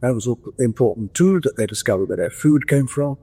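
An older man speaks at a moderate, even pitch, telling stories from his past. His delivery is gentle and anecdotal, with small restarts as he gathers his thoughts. He is talking from his home in the countryside over a video call. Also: brisk, husky. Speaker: interview guest. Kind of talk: reflective storytelling.

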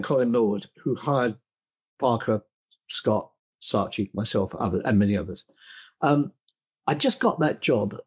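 An older man with a husky, slightly breathy voice speaks as a guest in a conversation. He tells his stories thoughtfully and often stops to restart a sentence. His self-deprecating asides keep the tone modest. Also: medium pitch, darkish tone. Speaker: interview guest. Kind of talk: reflective conversational storytelling.

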